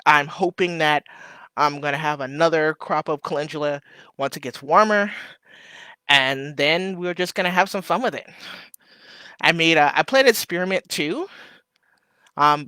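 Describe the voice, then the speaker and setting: Bright, crisp man chatting on a livestream. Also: on the high side, no echo. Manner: warm, chatty, emotional, fighting back tears; loose and rambling with many fillers. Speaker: livestream host. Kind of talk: casual live chat, reading viewer comments.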